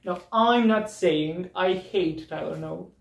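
Taking it slowly with vocal fry, a high-voiced Serbian man performing in drag roasts his targets with biting, mocking punchlines and laughter. The recording is roomy, from a distant mic, with faint noise.

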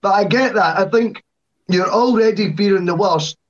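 Man, slightly high voice, chatty and keen, muffled lo-fi recording. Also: normal speed. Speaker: podcast co-host. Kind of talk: casual chat. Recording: dull lo-fi sound.

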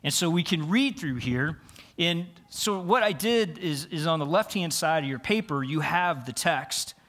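A man with a fairly high voice preaching to his congregation in a relaxed, conversational way. He talks earnestly and often repeats a word or restarts a phrase as he works through his point. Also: unhurried. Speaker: pastor. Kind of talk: conversational sermon. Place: church sanctuary.

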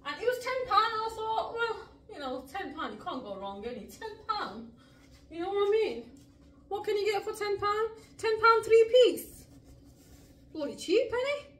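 A woman's voice: sits high, fairly bright tone, a little hiss or hum. A middle-aged woman vlogger of heritage, chatting to camera, laughing often and mixing in Punjabi words. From Mirpur, Pakistan heritage, living in the UK. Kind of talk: casual chat to camera. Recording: echoey room, mic at a distance.

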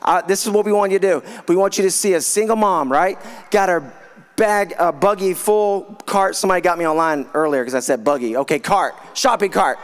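A man with a notably high-pitched voice preaches to a congregation. He is fired up, telling stories and calling out to the crowd with growing excitement. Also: fairly quick. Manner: fired up, exclaiming and storytelling. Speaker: guest preacher. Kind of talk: sermon to a live congregation.

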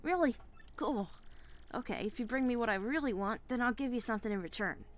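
An eager little boy bomb creature, played by a woman, chirps in a high, childlike voice. He sounds excited and bargaining, like a kid in a cartoonish game. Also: fairly quick, close to an everyday voice.

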